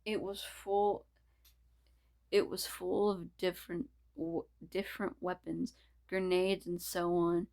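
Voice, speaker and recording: Slow-reading woman, stumbling narration. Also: on the low side, little pitch movement, darkish tone. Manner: stumbling, restarting, laughing asides. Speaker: reader. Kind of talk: reading fan fiction aloud.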